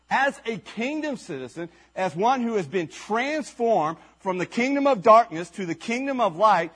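Husky, lively high-voiced male preacher. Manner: emphatic, with rhetorical questions and repeated phrases. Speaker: pastor. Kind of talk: sermon. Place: church service.

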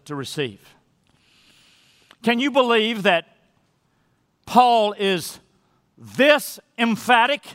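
A man preaching a sermon as pastor in a church, emphatic, drawing out key phrases slowly and restarting his sentences. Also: high voice, sharp tone. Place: church sanctuary. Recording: long reverb of a large hall.

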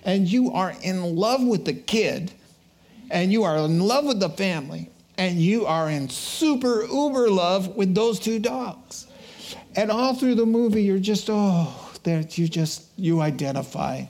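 Slow-talking animated male preacher. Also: sits high. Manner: animated storytelling with laughter, slow deliberate delivery. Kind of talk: sermon with personal stories.

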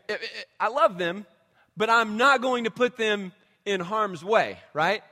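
A man's voice: high voice, pushed and bright. A man in his thirties preaching a sermon as a pastor, talking conversationally and telling stories with rhetorical questions. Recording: long reverb of a large hall.

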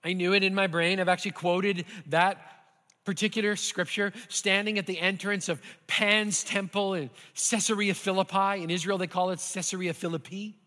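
A man preaching a sermon as pastor, earnest and building at times to animated intensity, in a church sanctuary. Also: high-pitched, normal speed. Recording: hall reverb.

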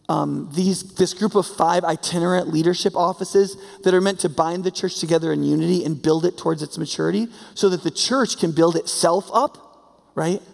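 Male pastor, casual animated sermon, higher pitch, long hall reverb. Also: vocal fry. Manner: animated, conversational, acts out quoted voices.

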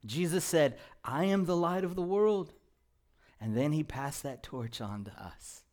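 Slow-spoken pastor preaching a sermon. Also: male voice, expressive. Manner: swings from soft and low to loud and emphatic. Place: church sanctuary.

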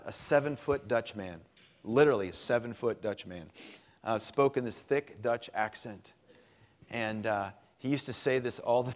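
A man preaching in a loose, conversational tone, leaning on words he repeats for weight. His voice sits at an ordinary middle pitch for a man, neither deep nor high. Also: in a large hall. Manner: conversational, emphatic repetition. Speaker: pastor. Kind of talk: sermon.

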